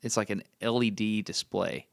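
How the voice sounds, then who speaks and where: A man's voice: lowish voice, fairly even intonation, moderate pace, creaky, dry recording, clean studio sound. An American man co-hosting a podcast, telling stories in a casual chat and laughing often. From United States. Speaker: podcast co-host.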